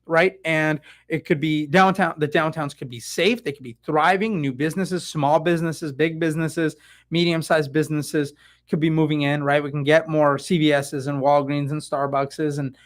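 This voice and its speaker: A middle-aged man from the San Francisco Bay Area, a real estate agent rambling excitedly in a casual live stream with lots of fillers and asides. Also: fairly high pitch, normal speed.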